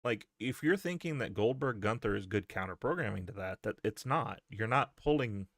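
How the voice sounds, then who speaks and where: A man's voice: on the low side, expressive, normal speed, fairly bright tone, no room sound, studio quality. A man hosting a podcast, chatting loosely about wrestling with restarts, stammers and swearing. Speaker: podcast host. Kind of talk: casual wrestling chat.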